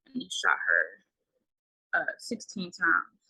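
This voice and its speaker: A young woman speaks haltingly, stopping often on fillers as she recounts a painful story. Her voice sits low yet sounds bright and forward. The recording is dry and close. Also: very animated, husky, dry recording, rough recording. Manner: halting, many fillers, quiet trailing words. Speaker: guest. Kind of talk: emotional personal account.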